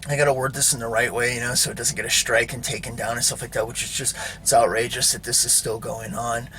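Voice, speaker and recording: Man host, casual monologue; bright-toned, rambles, leans on filler words and "right?" checks with the viewer. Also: mid-range voice, little pitch movement, fast talker, slight background noise. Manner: rambling, full of fillers and tag questions. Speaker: video host.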